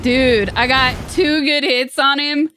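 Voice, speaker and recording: A playful woman streamer in her thirties talks unhurriedly while she plays a game, bursting out in excited yelps. Her voice sits a bit high for a woman, and loud game music runs under it. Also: slow pace. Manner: playful, jokey, excitable exclamations. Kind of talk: live gameplay commentary.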